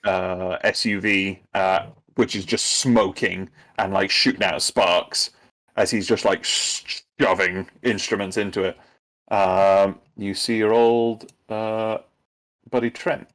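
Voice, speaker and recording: A man running a tabletop role-playing game as game master, narrating in a halting way with frequent ums and restarts. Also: deep voice, steady tone, a bit bright. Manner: hesitant, many ums and restarts.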